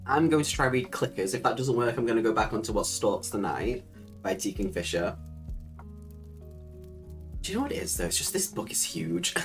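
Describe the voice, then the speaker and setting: A woman's voice: rumbling low, expressive, moderate pace, pauses often, faint music behind. A woman hosting a casual livestream, chatting freely, laughing often and swearing casually. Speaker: livestream host.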